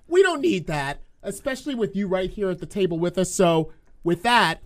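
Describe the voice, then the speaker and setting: A man's voice: sits high, lively intonation, moderate pace, background noise. A man hosting a podcast, leading segments with upbeat presenter patter. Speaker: podcast host. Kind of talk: casual podcast chat.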